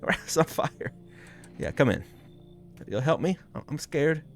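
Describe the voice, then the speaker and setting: A man's voice: a little high, expressive, a little slow, soft background music. A man voicing a terrified young girl who lost her father, stammering as he reads game dialogue. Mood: frightened. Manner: stuttering, breaking into laughs.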